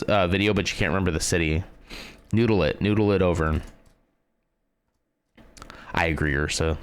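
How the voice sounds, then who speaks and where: A fairly low-pitched man talking casually on a live stream. His voice moves around a lot, jumping up when he greets viewers and sinking low when he's unsure. He thinks aloud in a relaxed, conversational way. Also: smooth. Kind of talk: casual live-stream chat while playing a guessing game.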